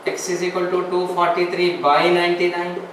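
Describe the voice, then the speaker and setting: A man's voice: sits high, flat delivery, brisk, a bit bright. A man teaching a classroom math lesson, explaining step by step, repeating phrases and asking rhetorical questions. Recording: echoey room, far from the mic, faint noise.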